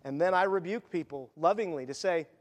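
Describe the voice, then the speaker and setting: A man's voice: high voice, brisk, in a large hall. A man preaching a sermon as pastor, in a conversational style with asides and acted quotes.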